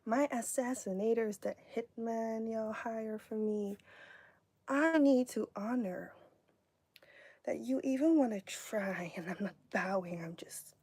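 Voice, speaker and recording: A woman's voice: fairly high pitch, slow, darkish tone, breathy edge, no room sound. A woman talking to viewers on a live stream, mocking and sarcastic, sometimes dropping to a whisper. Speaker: livestreamer.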